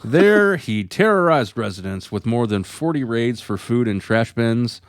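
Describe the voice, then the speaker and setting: A man's voice: medium pitch, lively intonation, moderate pace, no echo. Male podcast co-host reading news items with a dry, close sound, laughter slipping in. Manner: reads stories aloud, breaking into laughs.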